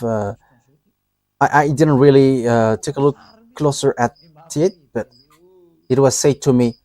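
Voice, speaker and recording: A man's voice: mid-range voice, darkish tone, dry recording. A man giving a live religious teaching, talking hesitantly with many fillers and restarts and laughing often.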